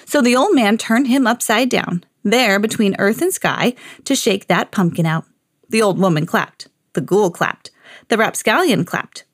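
A woman reading a children's picture book aloud on her podcast in an expressive, sing-song storytelling way. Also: medium pitch, unhurried, no room sound, clean studio sound.

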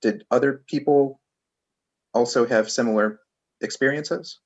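An interviewer asking gentle, searching questions with many restarts. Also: mid-range voice, measured pace, muffled recording. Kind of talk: casual oral history interview.

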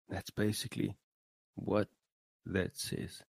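A man's voice: lowish voice, sing-song, slow pace, creaky, darkish tone, dry recording. A man hosting a show, giving an earnest motivational talk full of fillers and repeated words. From South Africa. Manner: earnest, rising emphasis on key phrases. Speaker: podcast host. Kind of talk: motivational monologue.

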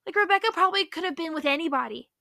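A young woman retelling a Bible story in a casual, excitable, chatty way and saying "like" often. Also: very high voice, racing, gravelly, dry recording, clean studio sound. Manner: excitable, chatty, heavy use of "like". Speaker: faith vlogger.

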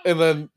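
A man hosting a podcast in casual chat about a film, laughing often and acting out scenes in quotes. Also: no echo. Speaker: podcast host. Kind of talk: casual movie review chat.

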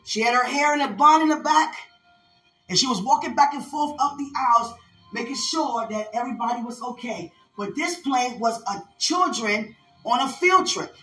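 A woman's voice: fairly high pitch, moderate pace, bright, forceful tone, soft background music. Fervent woman preacher, echoey room. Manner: fervent preaching, call-outs to listeners. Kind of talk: prophetic sermon.

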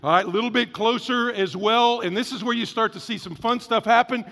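A pastor delivers a sermon in a high, gravelly man's voice. He preaches in a lively, conversational way, acting out little asides. The sound rings with the long reverb of a large hall. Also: brisk.

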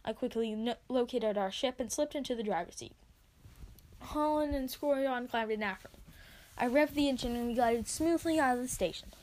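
A woman reading her own story aloud, expressive as she narrates. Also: on the high side, moderate pace. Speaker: reader.

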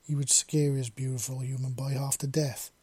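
A man narrating a story in a steady, even reading. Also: mid-range voice, moderate pace, breathy edge, dry recording.

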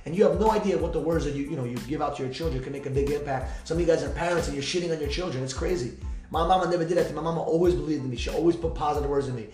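A man hosting a podcast, speaking fast and heartfelt in an emotional personal monologue, repeating himself and swearing freely. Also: a little high, a little mellow. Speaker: podcast host. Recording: echoey room with faint music.

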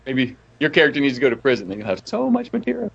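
A man's voice: mid-range voice, huge pitch swings, racing, gravelly, slightly rough, muffled recording. A male voice actor guesting on a podcast, telling jokey stories with constant laughter. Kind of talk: casual chat.

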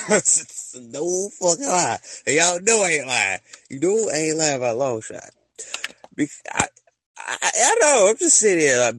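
A man hosting a casual podcast chat, talking to his listeners in a slangy, joking way that swings between loud and soft. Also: mid-range voice, slight background noise, poor audio. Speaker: podcast host. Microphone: voice-message app.

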